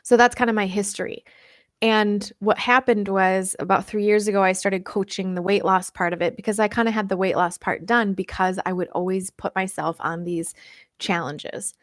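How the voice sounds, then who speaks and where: A woman's voice: medium pitch, fairly even intonation, moderate pace, no room sound. American woman, live-stream host and diet coach, chatty and giggly, dry sound. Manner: chatty, reads out viewer comments, laughs often. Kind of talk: casual live-stream Q&A chat.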